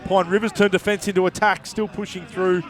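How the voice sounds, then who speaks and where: A man giving live play-by-play commentary at a local rugby league game, quick and jokey with his co-commentator. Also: sits high, little pitch movement, background noise. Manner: brisk, jokey banter with co-commentator. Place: outdoors at a local sports ground.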